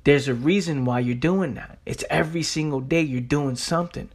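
A man's voice: on the high side, moderate pace. Blunt, profane man hosting a motivational podcast. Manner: blunt, profane, keeps asking "right?"; repeats himself for emphasis. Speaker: podcast host.

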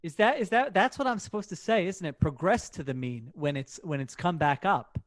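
A man hosting a casual sports podcast, talking in an animated way with quick, self-deprecating asides. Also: high voice, no echo. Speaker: podcast host.

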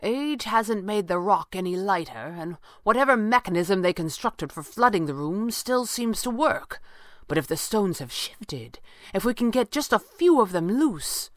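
A woman's voice: medium pitch, lively intonation, unhurried, no echo, clean studio sound, pitched above the performer's own voice, natural voice. A woman voicing a resourceful male hero who speaks grimly and ruefully. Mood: urgent. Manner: grim, rueful. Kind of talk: audiobook character voice.

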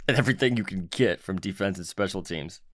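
Low-voiced man with blunt quips. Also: brisk, a bit bright, no echo. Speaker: podcast co-host. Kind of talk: casual sports talk.

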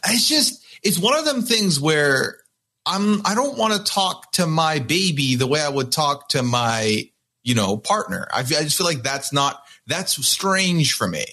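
Bright husky-voiced man co-host. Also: on the high side, very animated, a little slow. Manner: chatty, repeats words as he thinks aloud. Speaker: podcast co-host. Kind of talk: casual podcast chat.

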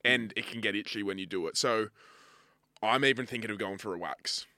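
A man's voice: lowish voice, a little fast, pushed and bright, no room sound, studio quality. A man co-hosting a casual podcast, blunt and jokey, swearing casually. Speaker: podcast co-host. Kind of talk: casual chat.

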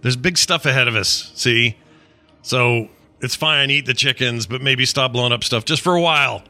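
A man's voice: medium pitch, normal speed, pushed and bright, faint music behind. A man playing a tabletop role-playing game, talking animatedly and thinking aloud. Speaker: player.

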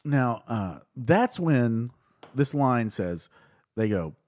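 A man's voice: medium pitch, big pitch swings, extremely slow, a little mellow. Male co-host, chatty and rambling, voice swings up and down a lot. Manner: rambling retelling, filler-heavy, laughing. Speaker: podcast co-host recapping a show. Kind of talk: casual chat.

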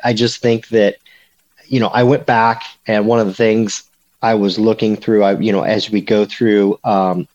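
A man with a fairly low voice talks sports on a casual podcast. He rambles and restarts, filling gaps with "uh" and "you know". The audio is a bit dull and lo-fi. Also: a little mellow. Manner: rambling, many fillers and restarts. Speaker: podcast co-host, recruiting beat reporter.

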